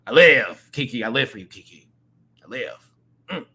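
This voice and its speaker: A man reviewing a reality show in an excited, casual rant, full of slang and profanity, jumping between loud outbursts and low asides. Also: normal speed, slightly rough. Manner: playful drag slang, profanity.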